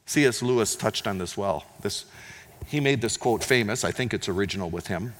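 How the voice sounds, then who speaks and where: A man's voice: fairly low pitch, expressive, a little fast. Man preaching in an echoing hall. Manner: dramatic swings between loud and quiet. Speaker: pastor. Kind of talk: sermon. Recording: long hall reverb.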